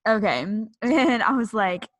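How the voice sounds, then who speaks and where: A woman co-hosting a podcast, reacting with quick interjections and sharing her own story in casual chat. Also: on the high side, lively intonation. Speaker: podcast co-host.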